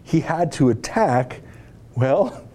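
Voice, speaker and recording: A man's voice: on the high side, expressive, slow pace, warm tone. A man giving sarcastic political commentary, indignant and mocking, full of rhetorical questions.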